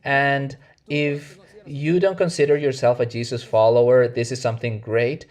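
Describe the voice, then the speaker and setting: Earnest preacher, Mexican Spanish accent. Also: male voice, mid-range voice, little pitch movement, darkish tone. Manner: earnest, measured preaching with self-corrections. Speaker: pastor. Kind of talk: sermon.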